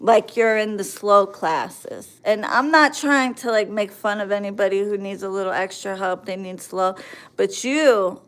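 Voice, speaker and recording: A woman's voice: medium pitch, unhurried, clear, resonant tone. Profane woman in her forties ranting. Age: 40s. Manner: profane, confrontational, mocking. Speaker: livestream host. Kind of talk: angry ranting at commenters.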